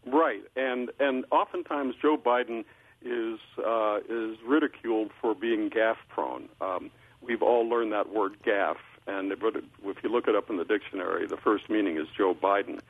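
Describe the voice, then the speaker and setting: An older man speaks on a tinny phone line, his voice a bit husky. He sounds like a columnist giving political commentary, measured and unhurried, with frequent uhs and restarts between thoughts. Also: lowish voice.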